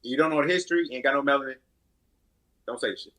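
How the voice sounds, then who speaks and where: A man's voice: medium pitch, fast talker, a bit bright. A man hosting a casual panel discussion, talking in a loose, slangy way with asides. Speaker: host. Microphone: livestream audio.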